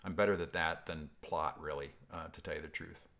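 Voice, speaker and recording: Deep-voiced male host from upstate New York; loose, chuckling live-stream chatter that wanders off topic. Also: steady tone, brisk, creaky, a bit bright. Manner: rambling, self-interrupting, chuckling. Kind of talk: casual live-stream chat reading viewer comments.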